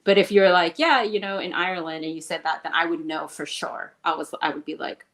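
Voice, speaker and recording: A woman's voice: low-pitched, fairly even intonation, brisk, crowd noise. A woman chatting casually on a stream, rambling and giggling as she talks. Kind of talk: casual chat.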